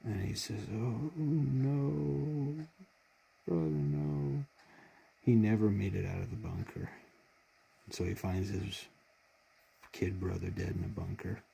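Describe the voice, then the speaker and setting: Male, casual fan vlogger, husky deep voice, emotional, restarts often. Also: level tone, normal speed, warm tone. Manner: heartfelt, rambling retelling with many restarts. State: choked up with emotion. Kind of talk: casual fan commentary on a TV show.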